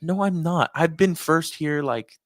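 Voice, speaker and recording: A man's voice: fairly high pitch, measured pace, no echo, studio quality. A man co-hosting a podcast, chatting casually, joking and laughing easily. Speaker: podcast co-host. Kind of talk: casual chat.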